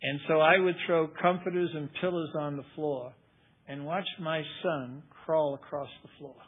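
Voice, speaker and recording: A man's voice: on the high side, steady tone, moderate pace, slightly rough. An older man giving a personal recovery testimony, telling his story in a folksy way and acting out the people he quotes. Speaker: recovery speaker. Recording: tinny phone-like recording.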